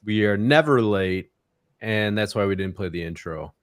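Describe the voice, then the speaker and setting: A man's voice: lowish voice, normal speed, no echo, studio quality. A man hosting a casual podcast, steering the conversation and setting up the next story. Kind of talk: casual chat.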